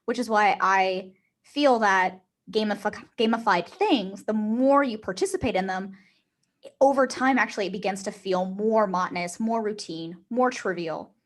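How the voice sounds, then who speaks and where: A woman's voice: medium pitch, moderate pace. A woman co-hosting a podcast in casual chat, talking her ideas through and laughing between points. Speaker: podcast co-host.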